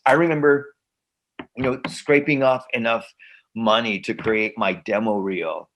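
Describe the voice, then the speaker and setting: Casting note: middle-aged American man, animated storyteller, mid-pitched, acts out quotes. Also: moderate pace, slight background noise. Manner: animated, repeats himself, acts out quoted dialogue. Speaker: actor, guest. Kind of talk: conversational storytelling.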